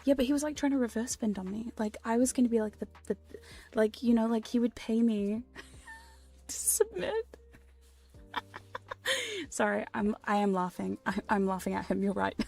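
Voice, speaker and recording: A woman whispering close to a studio mic in a relaxed ASMR livestream, her voice pitched a little high yet dark and mellow in tone. Her sound is breathy and husky, with faint music playing underneath. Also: normal speed. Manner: soft whispering with frequent laughs and swearing. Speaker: ASMR hypnosis streamer. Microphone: studio condenser mic close up.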